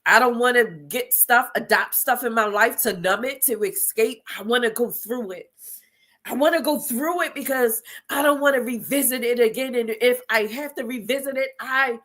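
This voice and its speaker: A woman's voice: a little high, normal speed, a bit bright. A middle-aged woman hosting an inspirational show, speaking in an emotional, preacher-like monologue with repeated phrases, near tears and defiant. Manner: preacher-like repetition, tearful and defiant. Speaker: host.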